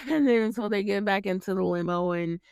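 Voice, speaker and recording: A woman's voice: mid-range voice, normal speed, vocal fry, a little mellow, clear, resonant tone, dry recording, studio quality. A woman hosting a casual movie recap, chatty, laughing often and swearing freely as she retells scenes. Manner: chatty, laughs often, acts out the characters' lines. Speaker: podcast host recapping a movie. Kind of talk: casual chat.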